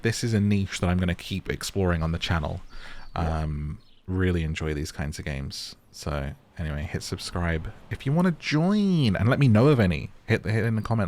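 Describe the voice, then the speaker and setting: A man's voice: deep voice, darkish tone. A man giving casual let's-play commentary as a gaming YouTuber, chatty and full of ums and likes.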